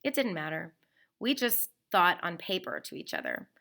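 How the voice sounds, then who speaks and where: A woman reading a novel aloud in the first person, expressive and slowing down on the emotional phrases. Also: fairly low pitch, creaky.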